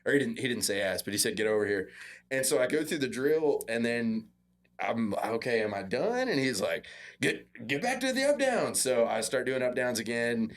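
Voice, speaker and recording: A man's voice: medium pitch, moderate pace. A young man casually recounting a practice story, quoting his coach with a raised voice. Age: young adult. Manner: relaxed, self-deprecating, quotes coach in a raised voice. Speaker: podcast guest, former football walk-on.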